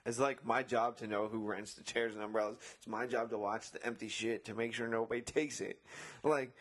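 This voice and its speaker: Man telling a story in casual, animated chat. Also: medium pitch, a little fast. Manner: animated retelling, acting out both sides of arguments, frequent swearing. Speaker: beach umbrella and chair attendant.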